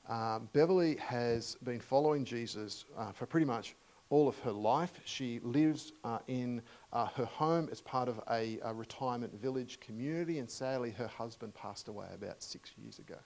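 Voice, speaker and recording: A middle-aged Australian man preaching a sermon in a church, telling humorous stories warmly with many fillers and restarts. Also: medium pitch, normal speed, poor audio. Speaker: guest preacher. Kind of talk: storytelling sermon.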